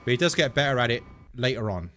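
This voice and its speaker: A man's voice: medium pitch, expressive, fast talker, fairly bright tone, slight background noise. An English man chatting casually and digressively to viewers while streaming a video game. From England. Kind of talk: casual live-stream chat while gaming.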